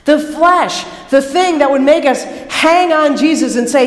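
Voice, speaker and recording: Woman preacher, fairly high voice, animated sermon, long hall echo. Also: a little slow. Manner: animated, shifting from hushed to excited. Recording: echoey hall reverb.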